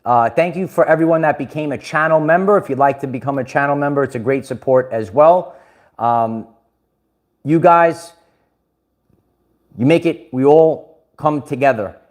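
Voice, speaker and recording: Guy rambling on his livestream, kinda high voice, keeps restarting and laughing. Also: moderate pace, long pauses. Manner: rambling, repeats words and restarts, laughs often. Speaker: livestream host. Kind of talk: casual livestream chat.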